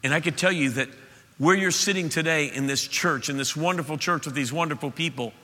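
A male pastor preaching an impassioned sermon to his church, swelling to loud peaks. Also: on the high side, fairly quick. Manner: impassioned, rising to shouts at peaks. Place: church auditorium. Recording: reverberant church hall.

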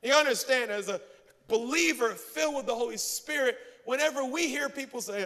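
A man's voice: very high voice, expressive, fairly quick, fairly bright tone. A man preaching a sermon, telling a story with self-mocking humor and acting out voices. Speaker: pastor. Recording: long hall reverb.

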